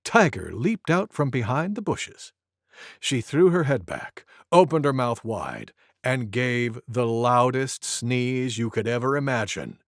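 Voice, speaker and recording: A woman reading a picture book aloud to toddlers in an animated storytelling voice. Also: rumbling low, measured pace, dry recording, studio quality. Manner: animated, sing-song.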